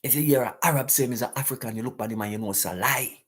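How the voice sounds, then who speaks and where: A man's voice: medium pitch, rapid-fire, fairly bright tone, slightly rough. A man hosting a live talk stream, preaching emphatically and repeating rhetorical questions to his listeners.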